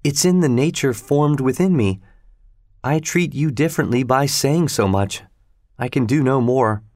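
A man's voice: medium pitch, measured pace, dry recording, studio quality, natural voice. Man reading as a cold, detached young woman. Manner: flat, unfeeling. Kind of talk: storybook reading.

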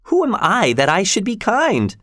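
A man's voice: on the high side, huge pitch swings, measured pace, no echo, clean studio sound, voice pushed up, full character voice. Man putting on a bitter, imperious old woman. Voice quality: raised, sharp. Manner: cold, accusing. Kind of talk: storybook reading.

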